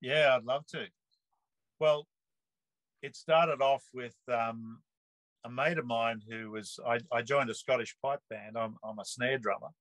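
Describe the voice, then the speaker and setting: Man, sixties, casual rambling storyteller, earthy slang, mid-pitched voice, dry close sound. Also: unhurried, dry recording, rough recording. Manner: relaxed, rambling, earthy slang with frequent restarts. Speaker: interview guest.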